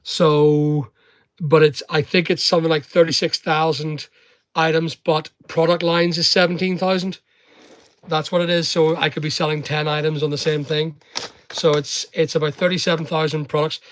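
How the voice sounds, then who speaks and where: A man's voice: a little high, little pitch movement, moderate pace, no room sound. A middle-aged Northern Irish man rambling chattily on a livestream while packing online orders and talking to viewers. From Northern Ireland.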